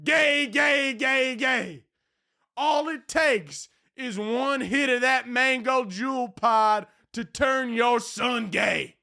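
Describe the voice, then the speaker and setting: A man's voice: extremely high pitch, vocal fry, pitched above the performer's own voice, full character voice. A young man voicing a fiery male Southern preacher with a put-on Southern accent, ranting in a comic sermon parody. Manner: shouting, preachy, drawn-out hollering.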